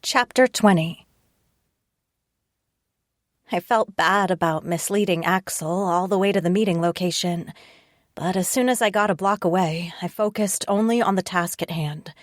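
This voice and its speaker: A woman with a low voice narrates a first-person audiobook at normal speed, voicing a wry, tense inner monologue. She is close to a studio mic, and the recording is dry, with no room sound or echo.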